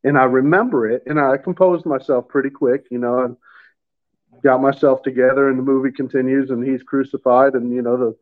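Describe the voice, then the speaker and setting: Man telling a halting story down a phone line. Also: mid-range voice, fairly even intonation. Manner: halting, repeats words, emotional. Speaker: guest telling his faith story. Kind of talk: casual storytelling.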